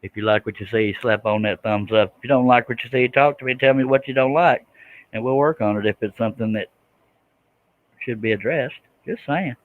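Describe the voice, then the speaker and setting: A man's voice: medium pitch, a little fast, phone-quality sound. A man, chatting casually with viewers while he works a scroll saw on a livestream. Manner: folksy, chatty, reads out viewer comments.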